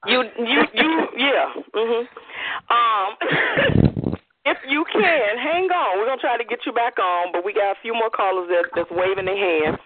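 A man's voice: very high voice, lively intonation, measured pace, a little hiss or hum. A man hosting a call-in radio show, laid-back and joking, who often talks over his callers. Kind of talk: casual call-in radio chat. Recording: tinny phone line.

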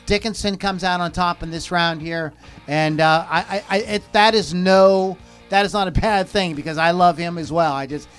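Casual male podcast host, high-pitched, rambling, faint music underneath. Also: moderate pace, fairly bright tone, clean tone. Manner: rambling, self-interrupting, reads out viewer comments. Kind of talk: casual chat on a live podcast.

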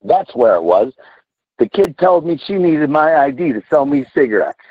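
A man's voice: on the high side, big pitch swings, normal speed, dry recording. Profane sixty-year-old man on a dull line. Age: 60s. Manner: blunt, profane and ranting. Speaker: trucker calling in. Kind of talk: casual call-in rant.

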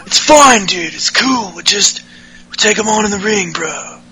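A man voicing a male wrestler who hurriedly tries to calm his partner down. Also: high voice, exaggerated voice. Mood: placating. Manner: placating, hurried.

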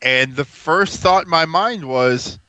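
A man's voice: fairly high pitch, slow, pushed and bright, no echo, rough recording. A man co-hosting a podcast, telling a story in a laid-back way with plenty of swearing. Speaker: podcast co-host. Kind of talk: casual chat.

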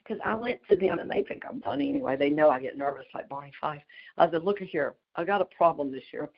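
A middle-aged woman, chatting fast and laughing through a story on a group call. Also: low voice, lively intonation, vocal fry. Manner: fast-talking, chatty, laughs mid-sentence. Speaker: community call participant. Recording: dull lo-fi call audio.

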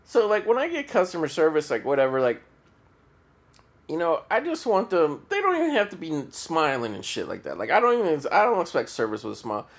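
A man's voice: on the high side, huge pitch swings, fairly quick. A man hosting a solo podcast, telling a story in a rambling, profane way with many restarts. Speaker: podcast host.

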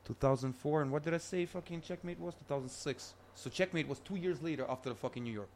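A man's voice: fairly high pitch, slight background noise. A man co-hosting a podcast, chatting casually about music, swearing a lot and talking over his partner. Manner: fast, profane, excitable, talks over his partner. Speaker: podcast co-host. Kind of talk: casual chat.

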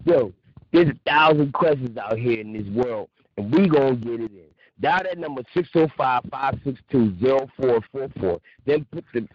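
Loud, animated radio host man. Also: mid-range voice, moderate pace, no room sound, muffled recording. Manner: loud, animated, laughs and shouts often. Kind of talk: excited call-in radio chat.

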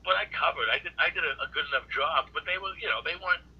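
Husky comic telling rambling stories. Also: male voice, fairly high pitch, very fast. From Boston area. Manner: rambling, animated anecdotes with restarts. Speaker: comedian guest. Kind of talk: casual storytelling interview. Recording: muffled lo-fi audio.

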